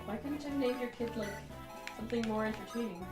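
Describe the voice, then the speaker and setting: A woman co-hosting a game playthrough, chatting casually and often breaking into playful mock sales-pitch voices. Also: fast talker. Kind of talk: casual let's-play chat. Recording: roomy, distant mic, game music behind.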